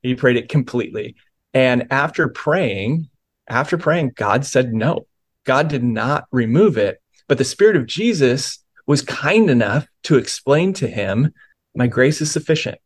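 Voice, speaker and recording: A middle-aged pastor talks through his testimony with earnest warmth, often restarting a phrase as he thinks. His voice sits at an ordinary man's pitch. He speaks as a guest in a reflective conversation. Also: lively intonation, measured pace. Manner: earnest, many small restarts.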